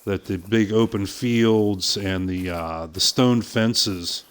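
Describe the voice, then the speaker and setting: Chatty middle-aged man with a smooth voice. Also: on the low side, fairly even intonation, slow pace. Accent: softened Pittsburgh American. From southwest Pennsylvania, USA. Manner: chatty, frequent "uh" fillers, easy laughs. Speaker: streamer playing a hunting game. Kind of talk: casual live-stream commentary.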